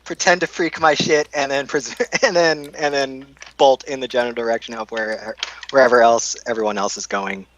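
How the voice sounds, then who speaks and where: A man at a tabletop game talks casually with crude phrasing and chuckling asides. His voice sits at a middling pitch for a man. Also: steady tone, moderate pace, fairly bright tone, highs cut off, slight background noise. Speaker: player.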